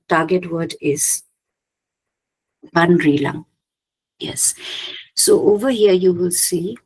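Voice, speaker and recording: A woman giving an academic slide presentation, hesitant, often pausing with "okay" and restarting her phrases. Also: sits low, a little mellow, husky, low-quality recording. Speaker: conference presenter.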